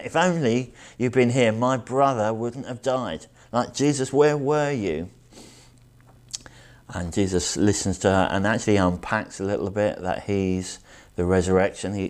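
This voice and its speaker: A man preaching a sermon and reading scripture aloud, earnest and reflective, slowing down to stress key words. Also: sits low, darkish tone. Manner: earnest, reflective, slows down for emphasis.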